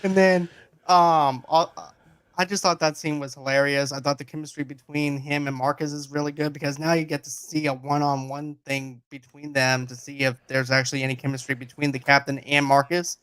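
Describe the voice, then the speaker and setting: A man hosting a casual movie review chat, recapping the plot in a lively way and quoting the characters. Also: a little high, brisk, smooth, no room sound. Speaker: podcast host.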